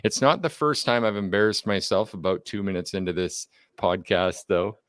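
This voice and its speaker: A man's voice: sits low, animated, moderate pace, a bit bright, clear, resonant tone, dry recording, clean studio sound. A man co-hosting a podcast in casual chat, upbeat and joking, a little self-deprecating. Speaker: podcast co-host.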